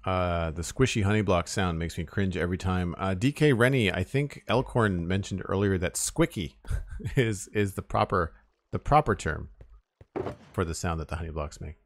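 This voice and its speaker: A man's voice: deep voice, normal speed. A man streaming a survival game, thinking aloud and mumbling as he plays, trailing off with "uh" and reading chat now and then. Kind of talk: casual gameplay commentary.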